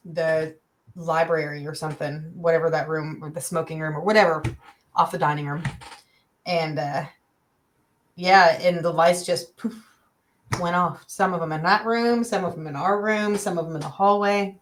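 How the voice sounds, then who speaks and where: A woman's voice: fairly low pitch, steady tone, moderate pace, long pauses, a little hiss or hum, low-quality recording. A woman, a paranormal investigator, talking casually in a group chat. She laughs often and pokes fun at herself. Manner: laughs often, self-deprecating.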